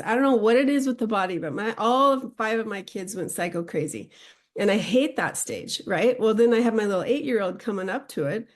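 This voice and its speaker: Earnest woman podcast host. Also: medium pitch. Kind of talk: casual podcast conversation.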